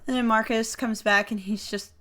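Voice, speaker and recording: A woman running a tabletop game as game master, narrating in a halting way with many restarts over an online voice chat. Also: fairly high pitch, fairly even intonation, pushed and bright.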